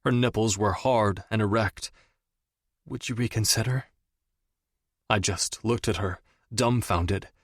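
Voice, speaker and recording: Low-voiced male audiobook narrator. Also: unhurried, dry recording, clean studio sound. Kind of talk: first-person romance audiobook narration.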